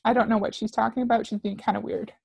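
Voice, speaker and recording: A woman's voice: a little high, steady tone, fast, gravelly, a little mellow, slightly rough, no echo. A woman commentator reacting to clips with sarcastic, skeptical remarks. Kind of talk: critical commentary.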